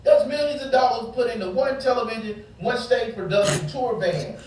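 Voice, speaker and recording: A man with an extremely high voice rants angrily at a moderate pace, cursing as he preaches to listeners about relationships in a casual, heated way. He is far from the mic in a very echoey room, with a loud crowd and a faint background hum also present.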